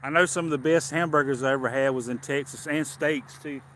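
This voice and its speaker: A relaxed man hosting a casual livestream. He chats in an easygoing, unhurried way, greets his viewers by name and reads aloud at a steady pace. His voice sits at an ordinary middle pitch. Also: slight background noise. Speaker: live stream host. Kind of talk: casual livestream chat with devotional reading.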